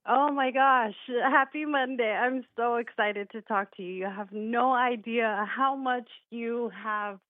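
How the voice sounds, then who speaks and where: A woman's voice: a little high, unhurried, hardly any pauses, no room sound. A woman caller on a radio show, emotional and grateful, laughing often. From California. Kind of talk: phone call to a radio show. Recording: tinny phone line.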